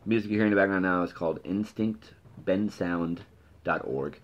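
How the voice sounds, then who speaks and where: Deep-voiced man casually reading comic dialogue. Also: lo-fi sound. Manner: halting, many fillers and self-corrections. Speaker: podcast host.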